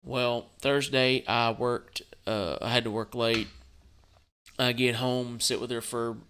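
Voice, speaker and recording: Subdued man with a bright clear voice. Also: medium pitch, steady tone. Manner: halting, rambling, with frequent restarts and swearing. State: subdued and tired. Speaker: gaming channel host. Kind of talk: casual vlog talk.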